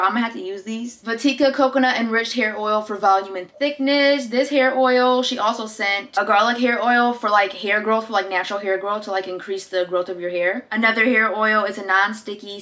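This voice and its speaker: A woman's voice: medium pitch, a bit bright. A young woman vlogging from her bedroom, gushing and exclaiming as she unboxes products, with lots of "like" and "dude". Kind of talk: excited casual unboxing chat. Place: bedroom by a window.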